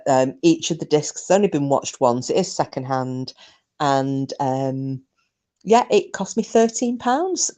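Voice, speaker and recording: A woman's voice: deep voice, warm tone. A middle-aged woman, chatting casually to her live stream viewers in a rambling way with frequent laughs.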